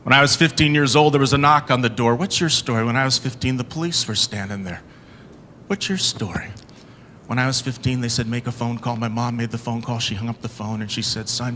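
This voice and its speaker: A man giving a motivational keynote, telling stories dramatically, swinging from loud to hushed. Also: a little high, slight background noise. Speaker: motivational speaker.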